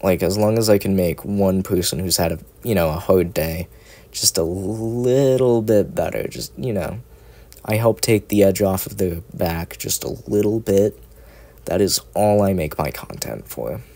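A man's voice: sits low, a little slow, dark tone. A young man chatting casually at home into a cheap microphone, rambling, swearing and making self-mocking jokes. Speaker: ASMR content creator.

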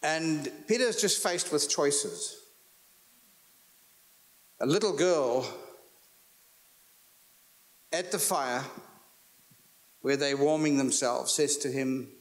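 A man preaching a sermon, teaching through scripture and checking in with his audience. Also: on the high side. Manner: slow, emphatic teaching, asks the audience questions.

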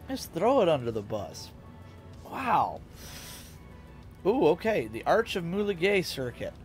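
A young man doing casual live-stream commentary while playing a racing game, chatting with his viewers and laughing often. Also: a little high. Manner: chatty, reads and answers chat, laughs often. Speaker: VTuber streamer.

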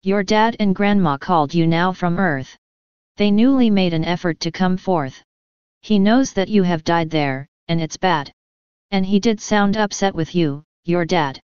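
A woman reading a gentle female angel's lines in rhyming verse, in an even storybook delivery. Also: on the low side, unhurried, clear, resonant tone, no room sound, lo-fi sound, natural voice. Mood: consoling. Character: gentle female angel comforting her husband.

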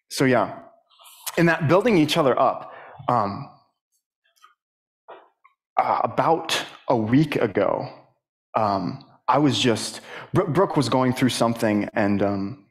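Earnest young man giving a halting testimony. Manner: halting, many fillers and restarts; rises higher and more emphatic when stirred. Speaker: church speaker. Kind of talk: personal testimony sermon. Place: church.

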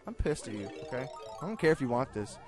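A young man talks over his gameplay with a lively, swooping, animated voice, excitable and quick to yell at the game and then mock himself. Faint game music plays under his voice at a desk microphone. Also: medium pitch. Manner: excitable, yells at the game, self-mocking. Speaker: gaming video host. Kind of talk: let's play commentary.

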